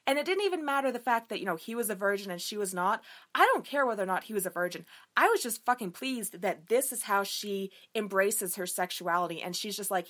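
A woman's voice: mid-range voice, expressive, a little fast, a bit bright. A young woman giving a casual book review, emphatic and enthusiastic, swearing freely as she gushes. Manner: emphatic, enthusiastic and frequently profane.

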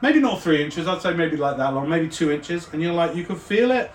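A man narrating a tabletop game as game master, relaxed and rambling with fillers. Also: on the high side, a little fast. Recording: echoey room, faint background noise.

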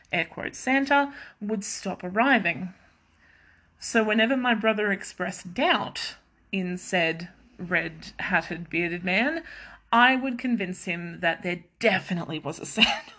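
Bright chatty woman. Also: fairly low pitch. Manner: chatty and self-mocking, quick asides, laughs often. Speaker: podcast host. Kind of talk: casual chat.

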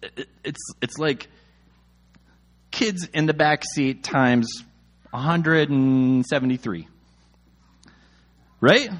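A man's voice: mid-range voice, takes it slowly, long pauses, fairly bright tone. A man in his thirties reading scripture aloud and breaking off into jokey, exasperated asides about it. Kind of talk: casual scripture reading and commentary.

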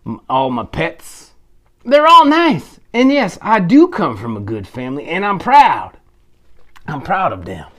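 A man voicing a proud, grateful male farm rooster in a children's story, talking high and excited. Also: full character voice.

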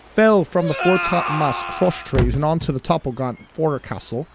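A man reading an old ship's log aloud in a put-on British accent, slowly and deliberately. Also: a little high, noisy background, close to an everyday voice. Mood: solemn reading. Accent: attempted British.

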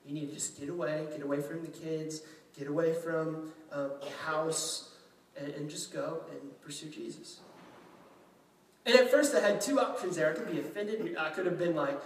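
A man's voice: a little high, normal speed. A male pastor from Louisiana preaching in a chatty, self-deprecating way, acting out quotes. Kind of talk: sermon. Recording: echoey room, mic at a distance.

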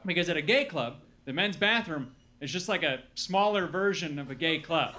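A man from Milwaukee performing a stand-up comedy set, telling stories with animated acted-out quotes. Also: on the high side, moderate pace, very noisy. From Milwaukee, Wisconsin. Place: comedy club with live audience.

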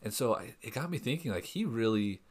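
A man co-hosting a podcast in casual chat, thoughtful and hesitant, often pausing and restarting. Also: medium pitch, expressive. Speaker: podcast co-host.

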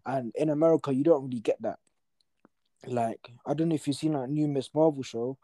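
A young man, co-hosting a casual podcast chat and telling animated stories full of slang. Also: medium pitch, fairly quick, dry recording. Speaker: podcast co-host.

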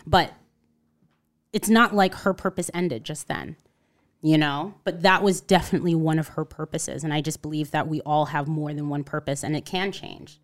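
A woman in her thirties from Connecticut, a podcast guest telling her story in a casual interview, acting out what people said and often adding "you know" and "like". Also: deep voice. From Connecticut, USA. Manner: animated storyteller, acts out quotes, frequent "you know" and "like".

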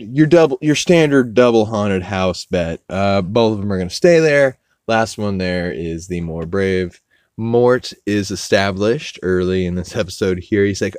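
A man hosting a podcast, loosely recapping a cartoon episode with fillers and swearing, acting out characters' lines in higher voices. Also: darkish tone, clean tone, no echo, clean studio sound. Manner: rambling, loose, with profanity and frequent fillers. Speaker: podcast host.

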